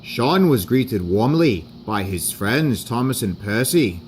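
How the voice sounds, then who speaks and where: A man narrating a homemade toy-train story, plain and wry with deadpan asides. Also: mid-range voice, slow, a little hiss or hum.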